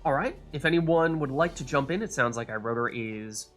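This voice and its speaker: A man's voice: medium pitch, a little fast, fairly bright tone, faint music behind. A man hosting a community game livestream, casting matches and chatting with players in an upbeat, friendly way. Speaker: stream host and caster. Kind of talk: casual livestream commentary.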